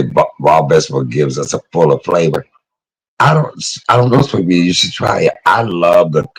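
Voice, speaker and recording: Very deep and breathy, the voice belongs to a middle-aged man cooking on camera and chatting casually with viewers. He's emotional and chatty, reading their comments aloud and calling out people in the live chat by name. The audio is poor.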